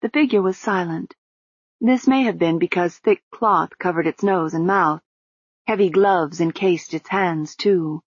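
A woman with a low, husky voice narrating an audiobook in an even, measured way. The recording is dry and close, with a slightly dull, lo-fi sound. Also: dry recording.

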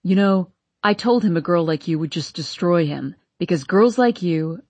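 Woman doing a sneering teenage boy, mocking, audiobook, slightly breathy. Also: fairly low pitch, lively intonation, normal speed, darkish tone, dry recording. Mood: accusing. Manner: taunting, mocking. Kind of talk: audiobook character voice.

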